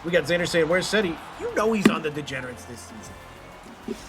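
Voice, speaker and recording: A man doing lively play-by-play on a live stream, joking and reading out viewer messages. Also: a little high, fast. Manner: upbeat, jokey, reads chat aloud. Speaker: play-by-play caster. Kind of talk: live stream game commentary. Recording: stream mic with game music behind.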